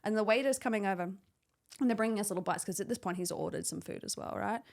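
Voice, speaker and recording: A young woman co-hosting a podcast, telling animated stories with lots of swearing and acted-out quotes. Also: mid-range voice, fast talker, gravelly. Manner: animated storytelling, acts out quotes, swears freely. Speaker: podcast co-host. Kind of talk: casual chat.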